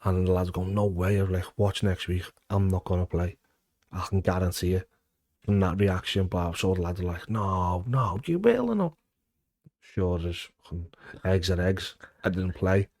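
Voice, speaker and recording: His voice sits low at a moderate pace, captured dry. The Liverpudlian former footballer, in his thirties, is animated in a relaxed interview, swearing freely and performing quotes at full volume.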